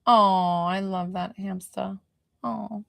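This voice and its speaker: A woman's voice: mid-range voice, fairly even intonation, takes it slowly, vocal fry, fairly bright tone, dry recording. A woman working as a spiritual medium, giving a chatty, emotional reading on a live stream and laughing often.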